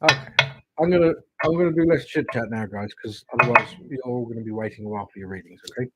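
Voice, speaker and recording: A man's voice: mid-range voice, fast, very noisy. An English man giving tarot readings on a livestream, musing and rambling with chatty asides. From England. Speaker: tarot reader.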